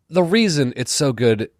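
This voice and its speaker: A man takes over an ad read on a comedy podcast with upbeat, salesy energy. His voice sits on the low side. The recording is close and dry. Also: dry recording.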